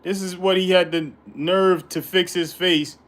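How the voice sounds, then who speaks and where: A man with a fairly high voice reads scripture aloud and teaches it casually. He stops often to add emphatic, slangy asides of his own. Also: steady tone, a little slow, a bit bright. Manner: colloquial, emphatic commentary between verses. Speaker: Bible teacher. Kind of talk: informal Bible study reading.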